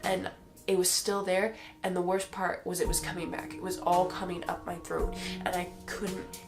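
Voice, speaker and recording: A woman's voice: fairly low pitch, little pitch movement, moderate pace, music in the background. A woman giving a personal faith testimony to the camera, talking earnestly and emotionally straight to her viewers.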